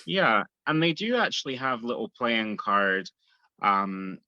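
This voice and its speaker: A man's voice: on the low side, sing-song, slow, sharp tone, no echo, dull audio. A Scottish man chatting easily as a podcast guest. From Scotland. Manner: easygoing, chatty, laughs lightly. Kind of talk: casual interview chat.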